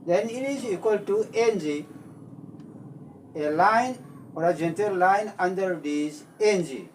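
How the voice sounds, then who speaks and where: A man's voice: sits high, slow pace, slight background noise. A man, a Meitei speaker, giving a methodical language lesson and repeating each point. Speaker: language teacher and channel host. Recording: voice distant from the mic.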